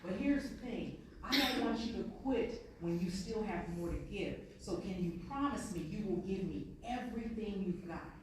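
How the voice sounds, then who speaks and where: A woman's voice: medium pitch, expressive, moderate pace, few pauses, darkish tone, far from the mic, slight background noise, close to an everyday voice. A woman voicing a tough male football coach who talks in a commanding, pushing way, as part of a speech in an echoey hall. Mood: firm.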